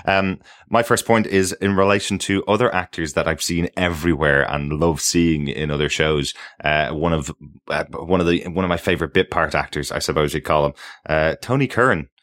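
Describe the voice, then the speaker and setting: Deep-voiced, enthusiastic male podcast co-host. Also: moderate pace, fairly bright tone, dry recording, studio quality. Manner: chatty, enthusiastic, with many ums and uhs. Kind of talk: casual podcast chat.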